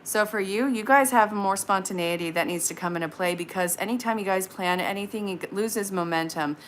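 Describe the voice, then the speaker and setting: A woman in her late thirties giving casual tarot readings on a live stream, chatty and frank with quick asides. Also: medium pitch, slight background noise. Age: 30s.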